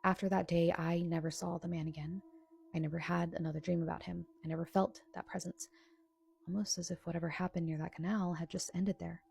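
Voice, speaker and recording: Gravelly, dark-voiced woman storyteller. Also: lowish voice, level tone, fairly quick. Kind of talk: scripted narration of a true scary experience.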